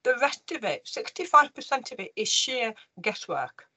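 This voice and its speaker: A woman in her fifties, an interview guest telling her personal story in an earnest, emotional way with halting restarts. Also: a little high, sing-song, sharp tone, husky, poor audio.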